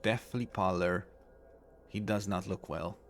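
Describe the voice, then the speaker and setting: A man with a fairly low voice chats through a game on stream. He talks in a halting way, restarting words and filling pauses. Faint game music plays underneath. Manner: halting, many restarts and fillers. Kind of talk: casual gameplay commentary.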